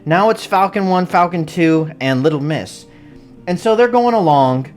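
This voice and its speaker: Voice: mid-range voice, lively intonation, normal speed, soft background music. A movie reviewer giving a casual, rambling recap full of jokes and frequent laughter. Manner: rambling and joking, laughs often. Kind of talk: casual spoiler-filled recap.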